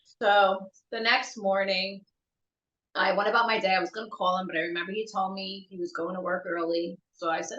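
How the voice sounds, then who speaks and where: A middle-aged woman, a bereaved mother, telling her son's story as a podcast guest, halting and searching for words, tearful at times. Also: mid-range voice, fairly even intonation, a bit bright, echoey room, lo-fi sound. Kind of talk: emotional personal storytelling.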